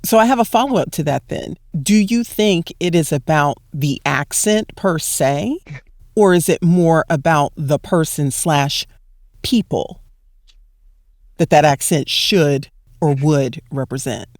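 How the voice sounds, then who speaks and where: A man's voice: a little high, a little slow, no echo, studio quality. A man hosting a podcast, conversational and curious, asking follow-up questions in a casual panel talk. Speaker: podcast host.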